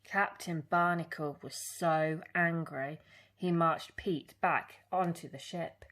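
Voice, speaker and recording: A woman reading a children's picture book aloud in an expressive storytelling way. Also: low-pitched, takes it slowly.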